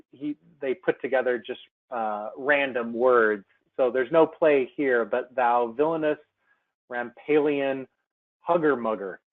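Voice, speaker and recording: A man presenting a software seminar by screen share, talking through it casually with many ums and restarts. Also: mid-range voice. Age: adult. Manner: chatty, many fillers and restarts. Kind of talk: screen-share webinar demo. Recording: tinny phone-like webinar audio.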